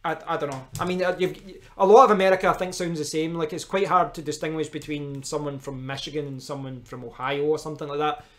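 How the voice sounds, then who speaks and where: A man's voice: on the high side, steady tone, quick pace, hardly any pauses. Chatty Scottish man streaming live. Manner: rambling, chatty, talks back to viewers' comments. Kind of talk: casual live-stream chat.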